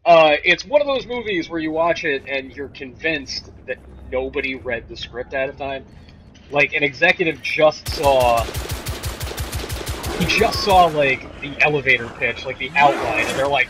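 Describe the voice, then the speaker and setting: A man's voice: medium pitch, normal speed, background noise. Joking man streaming a video game. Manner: joking, sarcastic, talks to chat viewers. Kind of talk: casual game stream commentary.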